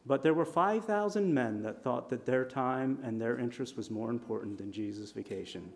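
A man preaching a sermon in a conversational storytelling manner, with lively shifts in volume. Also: mid-range voice, moderate pace. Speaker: pastor.

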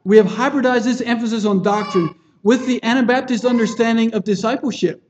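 Male preacher, higher-pitched voice, earnest and plain-spoken, dull lo-fi recording. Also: brisk, a little mellow, slight background noise. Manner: earnest, plain-spoken, with frequent restarts and checking-in questions. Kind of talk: sermon.

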